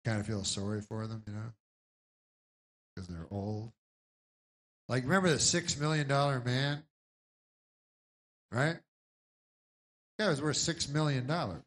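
A male stand-up comic in a rambling, deadpan delivery, drifting from one aside to the next. His voice sits at a medium, everyday pitch. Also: a little slow, long pauses. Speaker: stand-up comedian. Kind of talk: stand-up comedy set.

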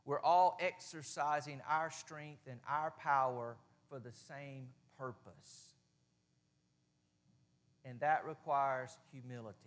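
A man with a Southern US accent preaching a sermon in a church, folksy and plain-spoken, swinging between loud passages and hushed ones. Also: fairly high pitch. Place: church sanctuary.

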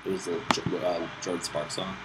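A man's voice: sits low, brisk, slight background noise, low-quality recording. A man hosting his own gaming channel, giving casual commentary as he plays and calls out to teammates, swinging between self-mocking jokes and frustrated outbursts. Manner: excitable, talks to himself and teammates, bursts of frustration.

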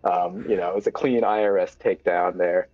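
A man playing in a tabletop role-play, talking haltingly with many restarts. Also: low voice, fairly even intonation, phone-quality sound. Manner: halting, full of restarts and laughs. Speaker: player.

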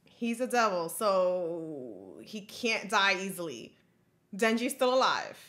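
A woman hosting an anime reaction video, talking to herself with excitable, emotional outbursts. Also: medium pitch, takes it slowly. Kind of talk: live reaction commentary.

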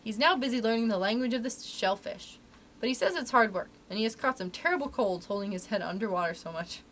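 A woman's voice: fairly high pitch, expressive, fast, a bit bright, slight background noise. A woman reading aloud, voicing a chatty, folksy male cat's-meat seller who talks in a rustic way. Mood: confiding. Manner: folksy rustic talk, dropped letters. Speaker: library story reader.

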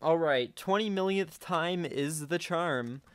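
A man giving casual gameplay commentary, talking to himself and breaking into sudden high-pitched outbursts at a desk microphone. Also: takes it slowly, clean tone, no echo. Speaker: gaming channel host.

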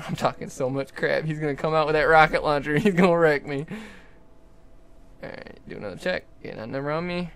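A young adult livestreamer giving jokey, excitable commentary while playing, often talking to the game's characters. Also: medium pitch, fairly quick, clear, resonant tone. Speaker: gaming livestreamer. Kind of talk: live gameplay commentary.

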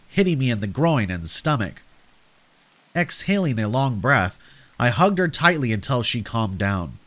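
A man reading a horror story aloud as scripted narration, slow and deliberate, with rain heard behind him. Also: mid-range voice, a bit bright.

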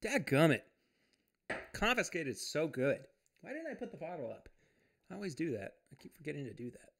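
A man's voice: fairly high pitch, big pitch swings, fairly quick, gravelly. A man hosting a casual livestream from home. He reads viewer comments aloud, chats loosely, laughs often and restarts his sentences. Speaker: podcast host.

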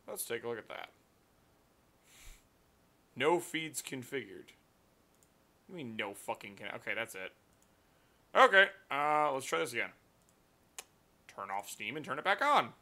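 A man's voice: mid-range voice, big pitch swings, unhurried, long pauses, pushed and bright. A man streaming live, ranting in a profane, exasperated way at his computer.

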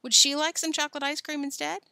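A woman voicing a wry, gently teasing mother in a storybook reading. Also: high voice, little pitch movement, fast talker, gravelly, dry recording, clean studio sound, voice pushed up, heavily acted.

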